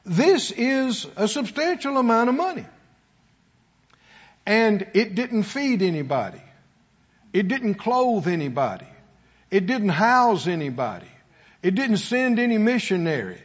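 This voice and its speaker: A man preaching a sermon to a congregation in a call-and-response style, sometimes rising to shouts. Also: high-pitched, big pitch swings, measured pace, pauses often, breathy edge, dull audio. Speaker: pastor.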